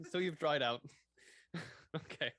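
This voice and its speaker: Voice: mid-range voice, slow, fairly bright tone, no echo, clean studio sound. A player in a tabletop game, voicing a flustered, stammering character.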